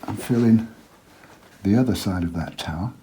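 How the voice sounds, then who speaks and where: A man giving a relaxed watercolour painting lesson, chatty and quiet, often dropping to a murmur as he works. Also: on the low side, normal speed, a little hiss or hum. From England. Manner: quiet, chatty, drops to a murmur while working.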